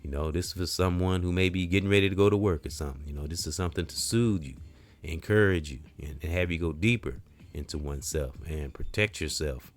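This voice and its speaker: A man hosting a podcast, giving a rambling, preacherly motivational talk with casual slang, repeating phrases and swinging from quiet to loud emphasis. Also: low voice. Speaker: podcast host.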